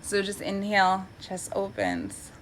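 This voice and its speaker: Young female yoga teacher, chatty encouraging cues, mid-pitched, faint room hiss. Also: very animated, unhurried, poor audio. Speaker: yoga instructor. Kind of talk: guided yoga class cues. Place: home practice space.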